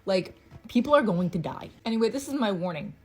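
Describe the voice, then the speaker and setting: A woman's voice: mid-range voice, animated, brisk, husky, poor audio. A woman from New Jersey delivering a blunt, profane, exasperated rant to camera. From New Jersey, USA. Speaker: content creator. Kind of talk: ranting monologue.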